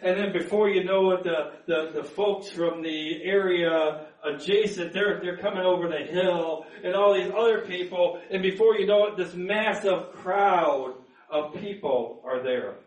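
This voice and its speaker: A man's voice: sits high, a little slow, echoey room, far from the mic, low-quality recording. A man preaching a sermon in an earnest manner, repeating words as he builds to emphatic peaks. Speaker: pastor.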